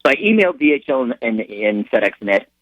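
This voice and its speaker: A middle-aged sergeant and charity founder, a guest on a radio interview, tells rambling anecdotes with frequent restarts. His mid-range voice swings widely in pitch at a quick pace, and the recording is dry and muffled.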